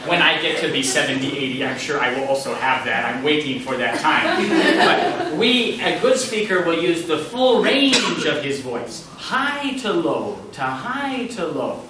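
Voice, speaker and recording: A man giving a public-speaking workshop lecture, animated and playful, acting out high and low voices and chuckling often. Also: moderate pace, hardly any pauses, distant mic. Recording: echoey lecture hall from afar, noisy.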